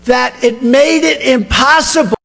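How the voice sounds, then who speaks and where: A man's voice: extremely high pitch, unhurried, vocal fry, fairly bright tone. An older man giving a rambling, boastful campaign rally speech, repeating himself. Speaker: political candidate. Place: large rally venue. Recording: reverberant hall, long echo.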